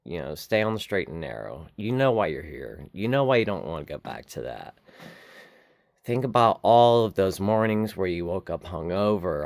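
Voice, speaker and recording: Brief: low-voiced man, sober-living vlogger, dry close sound, earnest and slow, shivering outdoors. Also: no room sound. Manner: earnest, slow, repetitive encouragement. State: shivering from cold. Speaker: recovery vlogger. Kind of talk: heartfelt motivational talk to camera. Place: outdoors in the cold.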